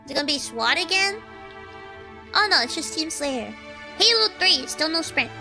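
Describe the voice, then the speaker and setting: A woman's voice: sits high, normal speed, faint music behind. A woman streaming a shooter game, chatting casually, swearing and yelping at the action. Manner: excitable, swears and yelps at the game.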